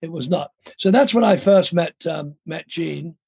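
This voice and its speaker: Heard over a remote call line, this older man from India is a guest actor whose casual interview storytelling wanders, full of ums and false starts. He speaks at a measured pace in a fairly high, gravelly, husky voice that's a little mellow; the sound is lo-fi with no echo.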